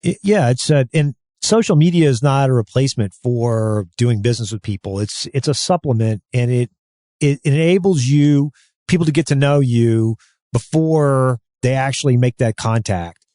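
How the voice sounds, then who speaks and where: A man's voice: medium pitch, expressive, moderate pace, warm tone, no echo, clean studio sound. A man co-hosting a real estate podcast, talking at length in a rambling, friendly chat with many restarts. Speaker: podcast co-host. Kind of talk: casual chat.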